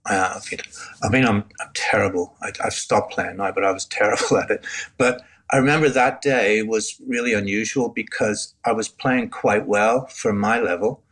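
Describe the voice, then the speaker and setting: A man, a podcast guest candidly telling his personal testimony with halting restarts and self-deprecating asides. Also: lowish voice, fairly even intonation, a bit bright. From Northern Ireland.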